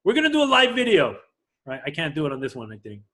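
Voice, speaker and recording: A man with a fairly high voice leads a live class. He talks energetically, keeps asking the room whether they follow, and gets louder and higher whenever he is excited. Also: quick pace. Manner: energetic, swings loud and high when excited; asks the room for agreement. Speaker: class instructor.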